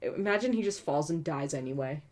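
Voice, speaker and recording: A woman's voice: sits low, animated, fairly quick, darkish tone. A woman reading a novel aloud and breaking in with snarky, profane asides. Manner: snarky, profane asides between read passages. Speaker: book reviewer reading aloud.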